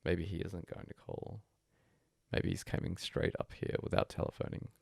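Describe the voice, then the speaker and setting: A man reading a bedtime story aloud as a hushed, breathy first-person monologue. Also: low voice, little pitch movement, moderate pace, dry recording, studio quality. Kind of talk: soft-spoken story reading.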